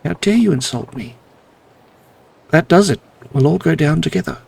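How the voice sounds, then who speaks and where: A man voicing a bitter older laid-off worker who rants and shouts in a gravelly voice. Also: mid-range voice, animated, moderate pace, exaggerated voice. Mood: furious. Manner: shouting, ranting.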